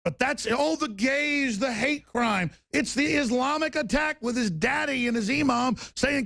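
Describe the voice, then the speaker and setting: A man hosting a talk show, ranting angrily and sometimes shouting, with sarcastic asides. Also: very high voice, normal speed, vocal fry, no room sound. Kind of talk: heated talk radio rant.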